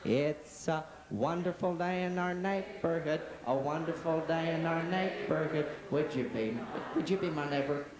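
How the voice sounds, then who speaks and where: A stand-up comedian puts on a gentle children's TV host, a man with a slightly raised voice and a soft, slow, singsong delivery. His sweetness carries a teasing edge. The sound is a noisy 1980s comedy club recording. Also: a little high, close to an everyday voice. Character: gentle, soft-spoken middle-aged male children's TV host. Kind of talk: stand-up impression.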